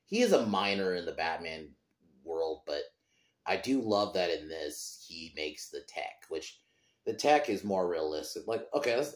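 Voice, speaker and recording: Man, very deep voice, casual podcast film talk, rambling, swears, echoey room. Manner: rambling, swears freely, trails off and restarts. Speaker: podcast host. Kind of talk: casual film review chat.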